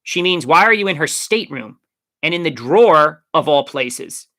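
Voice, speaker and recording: A man's voice: on the high side, animated, moderate pace, pushed and bright, voice pushed up. A man playing a cheeky teen girl. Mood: playful. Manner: playful, teasing. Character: cheeky, lively teen girl, warm friend.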